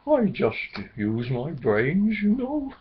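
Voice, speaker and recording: A man's voice: a little high, huge pitch swings, slow, breathy edge, exaggerated voice. A man voicing a kindly, wise old male owl who speaks modestly and knowingly, in a storybook reading. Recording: dull lo-fi recording.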